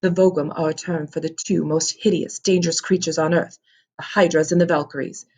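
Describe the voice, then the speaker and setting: A woman reading a storybook aloud, voicing an earnest young male companion who explains things in her own low voice. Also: fairly even intonation, a little fast, darkish tone, slightly rough. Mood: serious.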